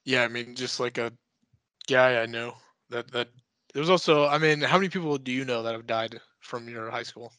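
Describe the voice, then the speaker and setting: A man's voice: medium pitch, normal speed, pushed and bright, no room sound. A man co-hosting a podcast in casual chat, giving brief, dry, teasing replies. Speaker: podcast co-host.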